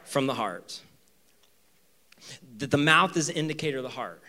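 A man preaching a sermon to his church, animated, acting out voices in the story and moving between loud emphasis and quiet asides. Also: fairly high pitch, fairly quick, pauses often. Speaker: pastor. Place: church with two campuses.

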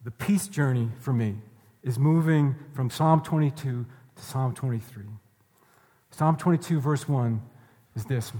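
A man's voice: mid-range voice, a little slow, warm tone. A male pastor preaching a sermon earnestly, repeating his key phrases for emphasis. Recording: reverberant hall.

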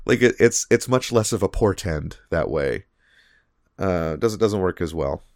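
A man with a fairly low voice co-hosts a casual podcast. He rambles through his points with frequent fillers and restarts. The sound is dry and close. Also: expressive, measured pace, dry recording. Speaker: podcast co-host.

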